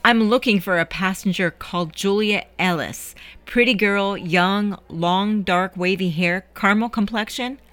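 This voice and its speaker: A woman's voice: medium pitch, measured pace, a bit bright, no echo, voice pushed up, close to an everyday voice. A woman voicing an earnest, lovesick teenage boy who talks hesitantly and pleads.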